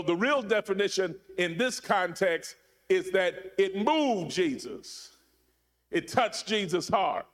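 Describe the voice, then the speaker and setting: A man preaching a sermon, repeating his phrases and swinging between loud emphasis and hushed, low drops. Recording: long hall reverb.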